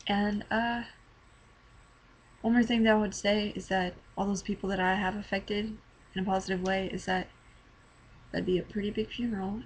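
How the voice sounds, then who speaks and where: A teenage girl giving an earnest, halting personal testimony to her webcam, emotional and near tears, often repeating words. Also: medium pitch, breathy edge, poor audio. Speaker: vlogger. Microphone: webcam mic.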